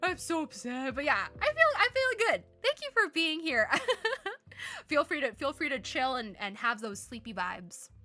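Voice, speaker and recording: A young woman streamer chats casually and giggles often between her lines. Her voice sits high and swoops lively up and down, with a bright tone. Her throat is still a touch scratchy. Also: moderate pace, faint music behind. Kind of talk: casual live-stream chat.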